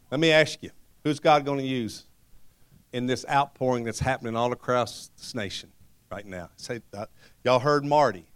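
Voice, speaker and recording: Laughing preacher telling a story. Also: male voice, mid-range voice, measured pace, long pauses, clear, resonant tone. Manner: storytelling with frequent laughter, animated. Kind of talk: sermon testimony.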